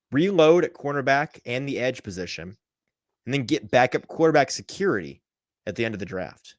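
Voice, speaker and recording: A man hosting a sports podcast, talking casually in an animated, sarcastic way, firing off ideas with quick restarts. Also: mid-range voice, no room sound, studio quality. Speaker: podcast host.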